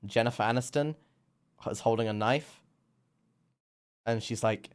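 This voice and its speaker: A man's voice: mid-range voice, measured pace, long pauses, clean tone. Young British man, streamer, casual comic storytelling, rambling, playful. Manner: rambling and playful, acting out voices.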